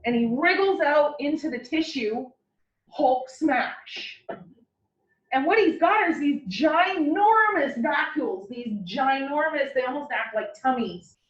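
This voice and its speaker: High-voiced woman lecturing from across a room. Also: moderate pace, hardly any pauses. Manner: animated, playful analogies. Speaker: anatomy instructor. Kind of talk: classroom lecture. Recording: roomy, distant, dull lecture recording.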